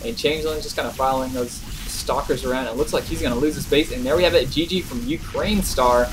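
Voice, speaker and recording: A man giving relaxed, chatty video game commentary, chuckling often between plays. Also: medium pitch, a little fast, hardly any pauses, noisy background. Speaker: game caster.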